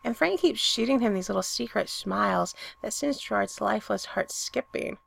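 A woman reading a romantic story aloud with expressive storytelling. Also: mid-range voice, normal speed, creaky, slightly rough. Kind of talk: reading fan fiction aloud.

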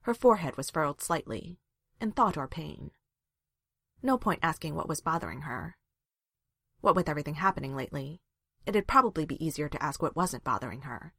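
A woman reading a fan fiction story aloud with expressive narration. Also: low-pitched, a little fast, gravelly, no room sound, studio quality. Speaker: reader.

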